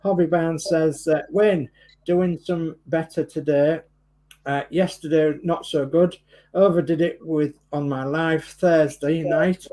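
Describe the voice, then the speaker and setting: Slow-talking man reading stream chat. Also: fairly high pitch, steady tone, mellow, low-quality recording. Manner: friendly, reads viewer names and greetings. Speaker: livestream co-host.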